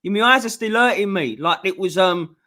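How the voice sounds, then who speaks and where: A man's voice: sits high, fairly quick, over a noisy crowd. A man co-hosting a casual football chat, rambling and chatty with lots of filler. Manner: chatty, rambling, laughs a lot. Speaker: co-host.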